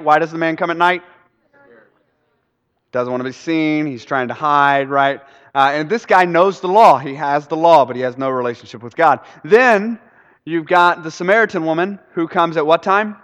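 A man's voice: fairly high pitch, fairly bright tone, smooth. A male pastor giving a sermon, telling a story in a conversational way and quizzing the congregation. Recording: echoey hall, dull sound.

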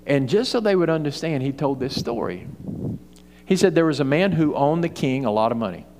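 Brief: male preacher, emphatic, high-ish voice, echoing church hall. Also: expressive, brisk, noisy background. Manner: emphatic, repetitive, storytelling. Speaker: pastor. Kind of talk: sermon. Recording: reverberant hall.

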